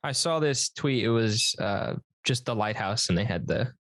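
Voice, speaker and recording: A man co-hosting a casual podcast chat, hesitant and halting, with many filler words. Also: on the low side, expressive, a bit bright, no echo. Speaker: podcast co-host.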